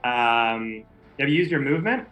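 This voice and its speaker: A man's voice: medium pitch, lively intonation, normal speed, fairly bright tone, soft background music, rough recording. A man running a tabletop game as game master, explaining rules and describing the action in a loose, casual way. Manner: casual, laid-back rules talk with swearing.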